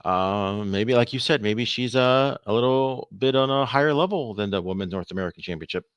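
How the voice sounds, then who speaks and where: A man's voice: on the low side, brisk, clear, resonant tone, dry recording. Chatty man with a dry, close sound. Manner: animated, rambling, stammering. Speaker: podcast co-host. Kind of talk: casual podcast chat.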